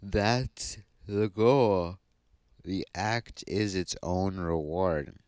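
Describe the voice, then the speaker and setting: A man giving a tarot reading to his viewers, sleepy and yawning, explaining each card slowly and thoughtfully. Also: deep voice, a little mellow, no room sound, clean studio sound. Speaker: tarot reader.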